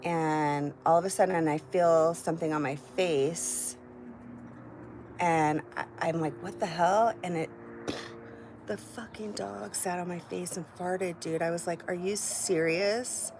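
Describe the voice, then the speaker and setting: A woman's voice: lowish voice, fairly even intonation, slow pace, noisy background. A middle-aged woman hosting a live stream from home, chatting casually and candidly with her viewers and swearing freely. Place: at home, indoors.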